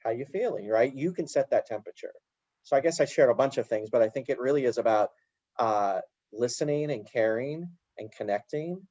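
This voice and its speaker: Animated man acting out everyday dialogues. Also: medium pitch, dry recording, dull audio. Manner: animated storyteller acting out little quoted dialogues. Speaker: guest, educator. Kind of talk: conversational interview answer.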